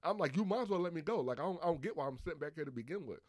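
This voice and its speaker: A man casually telling a story among friends, animated and acting out the other people's lines. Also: on the high side, rapid-fire, dry recording.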